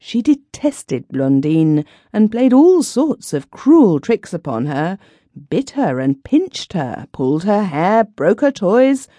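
Expressive, unhurried woman narrator. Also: mid-range voice, dry recording. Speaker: audiobook narrator. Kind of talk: children's fairy-tale narration.

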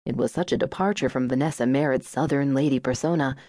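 A woman narrating an audiobook in a measured, even storytelling manner, close to the mic. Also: extremely low pitch, no room sound. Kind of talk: scripted narration.

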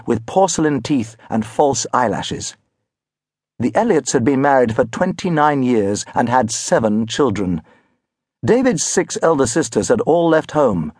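A male audiobook narrator with a husky voice and a lively, wry delivery, telling a children's story. Close and dry, with no room sound. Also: medium pitch, dry recording. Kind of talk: scripted narration.

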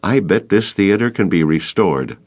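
A man's voice: low-pitched, expressive, moderate pace, darkish tone. A man reading an audiobook, voicing a stubborn young male teacher who speaks firmly and reasonably. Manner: firm, reasonable.

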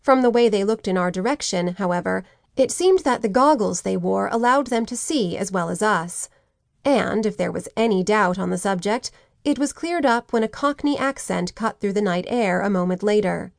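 A woman reading a teen novel aloud in first person, steady and clear. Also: mid-range voice, moderate pace, no echo, studio quality. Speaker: audiobook narrator. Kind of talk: scripted first-person narration.

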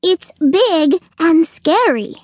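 A high, squeaky storybook squirrel, put on by a woman narrator gasps out every word in a panic. He is out of breath and jumpy, and his voice leaps around wildly. The sound is dry and close. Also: sing-song, slow pace, no echo, heavily acted. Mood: panicky. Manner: frantic, shrieking repeats. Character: panicky jittery male squirrel.

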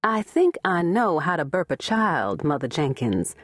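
A woman narrator voicing a tired, guarded young mother for an audiobook, speaking softly. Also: low-pitched, very animated, a little slow, dry recording, clean studio sound, exaggerated voice. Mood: weary. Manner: weary and soft. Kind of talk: audiobook character voice.

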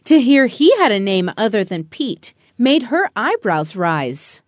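A woman narrating a rhyming children's picture book in a slow, expressive storytelling manner. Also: a little high, dry recording. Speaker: audiobook narrator.

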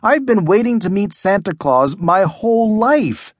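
A man's voice: high-pitched, very animated, unhurried, no room sound, clean studio sound, voice pushed up, heavily acted. A man voicing an eager young schoolboy who begs and whines in a children's audiobook. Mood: pleading. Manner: whiny, begging.

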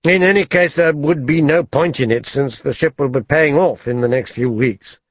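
A man voicing a brisk, kindly middle-aged naval captain who speaks in hearty, clipped commands. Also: fairly high pitch, no room sound, dull audio, close to an everyday voice.

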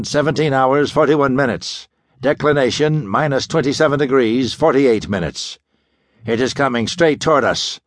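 A man narrating an audiobook and voicing a gaunt, menacing male mastermind with a deep, harsh, rasping voice and grandiose commanding speech. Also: no echo, clean studio sound, natural voice.

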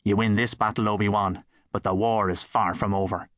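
A man's voice: lowish voice, fairly even intonation, brisk, fairly bright tone, dry recording, studio quality, natural voice. A man with an Irish accent voicing a cocky, sarcastic town boy in an audiobook. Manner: cheeky, sarcastic. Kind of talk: audiobook character voice.

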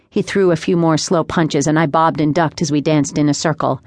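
A young woman reading a first-person audiobook in a measured, wry storytelling manner. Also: sits low, fairly even intonation, darkish tone, no echo. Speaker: audiobook narrator. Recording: dry close studio sound.

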